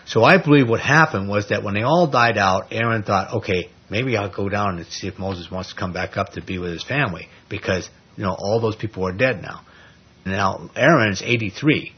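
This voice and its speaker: Man, husky voice, low pitch, casual Bible study teaching, muffled lo-fi recording. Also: moderate pace. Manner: conversational, speculative, animated retelling with filler words. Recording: dull lo-fi recording.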